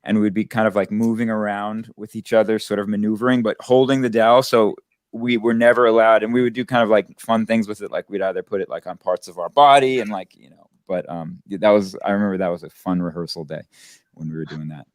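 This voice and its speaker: A man actor guesting in an interview over a video call, relaxed and halting with lots of fillers. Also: fairly low pitch, no echo, studio quality. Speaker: theatre company actor.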